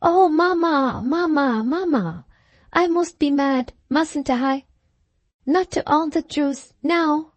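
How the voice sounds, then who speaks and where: A frantic young heiress in the grip of hysterics, as a woman narrator puts her on. The voice rides high and shrill, and she pleads and insists with desperate emphasis. The reading is close and dry, with no room sound at all. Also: fairly even intonation, takes it slowly, no echo.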